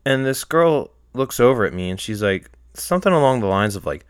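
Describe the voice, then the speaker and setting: A young man hosting a solo podcast, rambling in casual chat and getting heated, sometimes close to yelling. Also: medium pitch, very animated, a little fast, clean tone, dry recording. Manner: rambling, heated, rises to near-yelling when retelling anger. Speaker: podcast host.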